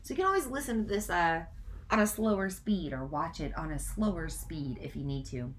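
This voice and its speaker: A woman hosting a casual live stream, talking fast in run-on sentences, then gently guiding a breathwork practice. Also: lowish voice, animated, a little hiss or hum. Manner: gentle instructive guidance in breathwork. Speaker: spiritual coach and podcast host.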